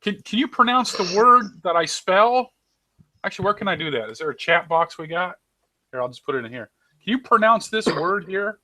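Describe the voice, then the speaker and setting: Western US man, bright voice, higher pitch, laid-back, dry close sound. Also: animated, brisk, dry recording. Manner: laid-back, curious, uses "like" a lot. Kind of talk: casual group voice chat.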